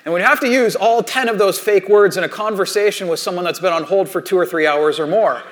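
A man with a fairly high voice tells stories from his own life to an audience. He keeps it loose and conversational, with a steady stream of casual asides. The talk builds toward a motivational point. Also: a little fast, a little hiss or hum. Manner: chatty storytelling, many "like" and "you know" asides. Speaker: speaker addressing an audience.

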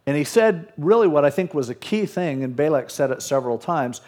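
A man's voice: on the high side, lively intonation, fairly quick, darkish tone. A male pastor preaching a sermon, retelling scripture in casual modern speech.

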